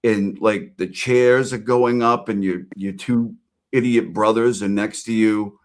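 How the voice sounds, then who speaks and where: A man's voice: lowish voice, fairly even intonation, unhurried. A man co-hosting a casual chat, rambling through memories, laughing and acting out quotes.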